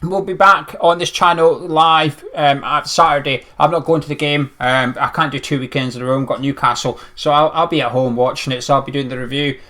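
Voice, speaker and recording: A man's voice: a little high, steady tone, brisk, few pauses, bright, forceful tone. A man hosting a casual football podcast, pressing his co-host for predictions and signing off to viewers. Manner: pushy, wraps up with channel sign-off.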